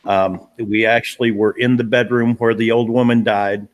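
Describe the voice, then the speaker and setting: A man's voice: mid-range voice, level tone, normal speed. Man, paranormal investigator, casual storytelling, earnest, emphatic, repeats himself. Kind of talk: casual storytelling on a live stream.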